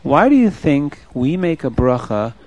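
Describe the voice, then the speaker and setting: A man telling a story to children in an animated way, often asking the audience questions. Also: a little high, a little slow, highs cut off.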